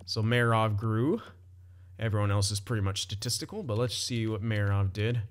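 A man's voice: on the low side, normal speed. A young man casually commenting on his own hockey game, chatty, often laughing and swearing loosely. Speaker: gaming commentator.

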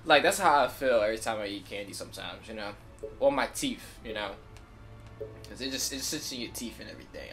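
A man hosting a gameplay video, rambling in a casual, slangy, animated way. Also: fairly low pitch, a little fast, loud music behind the voice. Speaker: gaming channel host.

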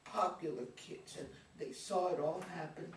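A woman's voice: deep voice, moderate pace, lightly acted. A woman reading an awkward, dramatic teenage girl. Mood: upset. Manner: emotional, rambling, exaggerating. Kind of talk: reader's theater acting. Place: community theater reading room. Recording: echoey room, mic far off, some hiss.

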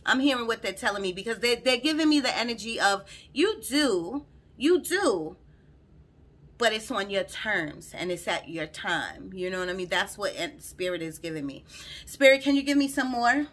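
A woman gives a casual, rambling tarot reading into her phone, speaking directly to her viewers and often repeating herself. Her mid-range voice is animated and a bit bright, at a normal pace.

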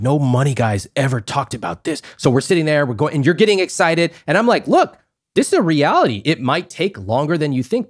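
A man in a podcast interview, talking emphatically and acting out little exchanges, his voice climbing high when he stresses a point. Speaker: guest, personal finance author.

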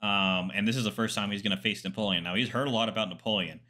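A man's voice: lowish voice, fairly even intonation, fast, sharp tone. A man, a military historian, commenting casually on a documentary, chatty and digressive with asides and fillers.

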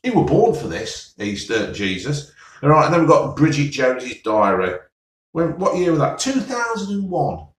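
A man's voice: mid-range voice, big pitch swings, normal speed. A man, grumbling sarcastically and sighing as he reads through the holiday TV listings. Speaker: vlogger reviewing TV listings. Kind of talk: casual solo rant. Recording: roomy, mic at a distance.

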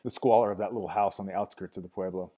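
A man reading a novel aloud as narrator, at a steady measured pace with small restarts. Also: sits low, breathy edge. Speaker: audiobook narrator.

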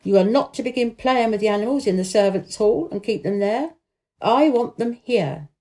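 A woman's voice: lowish voice, very animated, normal speed, warm tone. Woman doing an imperious spoiled boy. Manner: haughty, lordly commands.

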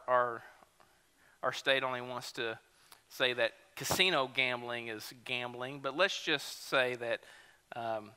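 Male pastor, conversational sermon, very bright tone, church reverb. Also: medium pitch, clean tone. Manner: conversational preaching, lively storytelling. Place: church sanctuary.

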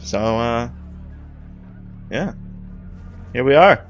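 A young man doing let's-play commentary, loud and profane, breaking into squealing outbursts and jokes. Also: medium pitch, lively intonation, extremely slow, dull audio, a little hiss or hum. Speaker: gaming YouTuber.

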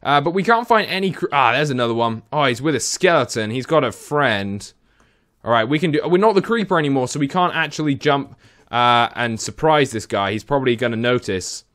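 A young man giving excitable Let's Play commentary as he plays, chattering to the game's creatures. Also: medium pitch, fairly quick. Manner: excitable, talks to the game mobs. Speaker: gaming channel host.

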